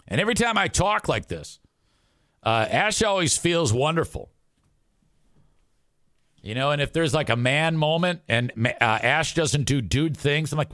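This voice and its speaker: A man's voice: on the high side, expressive, a little slow, long pauses, a bit bright, dry recording, clean studio sound. A middle-aged man hosting a live stream show, talking in a crude, profane, rambling way. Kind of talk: casual live-stream talk.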